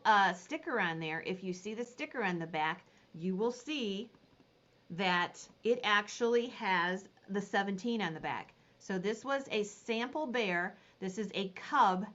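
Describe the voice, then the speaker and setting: A woman running a live online consignment auction, describing each item and then calling bids in rapid repeated phrases. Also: mid-range voice, fairly bright tone, muffled recording. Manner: rapid repetitive bid calling.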